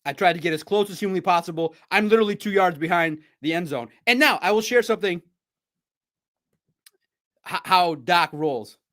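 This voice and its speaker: Animated sports podcast host, a man. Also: high voice, fairly quick. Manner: animated, chatty storytelling with laughs. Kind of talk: casual sports recap.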